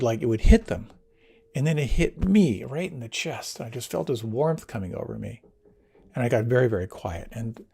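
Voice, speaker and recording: An older man, a meditation teacher, recounting his experiences in a reflective storytelling talk, swinging between near whispers and lively bursts. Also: medium pitch, gravelly, breathy edge. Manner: animated, drops to near whispers and rises again.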